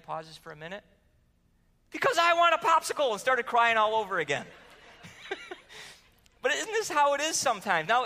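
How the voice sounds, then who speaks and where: A man's voice: high voice, gravelly, pushed and bright. A man preaching a sermon in a conversational way, asking the room questions and telling stories. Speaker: pastor. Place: church sanctuary. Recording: long hall reverb.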